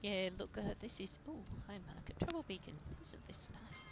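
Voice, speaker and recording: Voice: mid-range voice, expressive, normal speed, creaky, whispered, rough recording. A gamer chatting casually and self-deprecatingly while playing a video game. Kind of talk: casual let's-play commentary.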